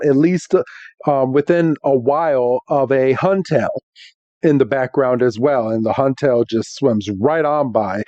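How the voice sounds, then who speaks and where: A man hosting a podcast, recapping an episode in a casual, halting way with many fillers and frequent laughs. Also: a little high, warm tone, no echo. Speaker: podcast host. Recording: slightly muffled dry podcast mic.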